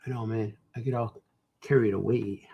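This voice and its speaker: A man's voice: fairly low pitch, fairly even intonation, normal speed, gravelly, slightly rough, muffled recording. A man, a cartoonist, chatting casually while he draws, rambling playfully and joking to himself. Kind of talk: casual chat while drawing.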